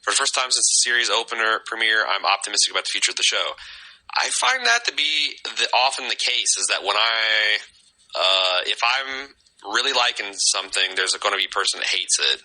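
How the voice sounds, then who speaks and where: A man's voice: lowish voice, animated, a little fast, pushed and bright, low-quality recording. A man hosting a podcast, recapping a TV episode in casual, wry, rambling chat. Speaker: podcast host.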